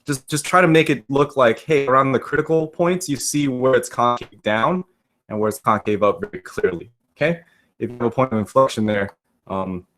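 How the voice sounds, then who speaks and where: A man's voice: medium pitch, fairly bright tone. A man teaching a math lesson in a casual, joking way, often checking with his class. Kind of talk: recorded classroom lecture.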